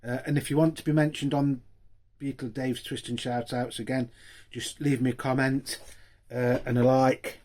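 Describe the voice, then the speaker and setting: A man's voice: medium pitch, little pitch movement, normal speed, a little mellow. An older man, talking casually to viewers in a vlog, emotional and grateful, repeating his thanks with many fillers. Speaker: vinyl collector vlogger.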